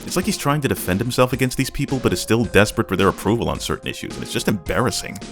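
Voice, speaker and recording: A man with a fairly low voice delivers blunt, scornful commentary at a rapid clip. Faint music plays underneath him. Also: animated. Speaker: commentary host. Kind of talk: critical commentary.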